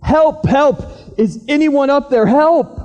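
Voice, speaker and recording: A man voicing a terrified man hanging from a cliff in the dark, shouting and pleading for help. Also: extremely high pitch, slow, lo-fi sound, pitched above the performer's own voice. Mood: panicked shouting. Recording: echoey church hall.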